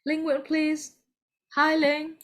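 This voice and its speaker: A woman's voice: high-pitched, monotone, slow, fairly bright tone. A woman with a Vietnamese accent teaching an English class over a video call, patient and encouraging, calling on students by name.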